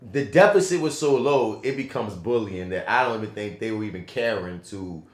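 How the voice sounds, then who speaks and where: A man co-hosting a casual film review podcast, talking in an animated, slangy and profane way that swings between loud and soft. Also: on the low side, brisk. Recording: echoey room.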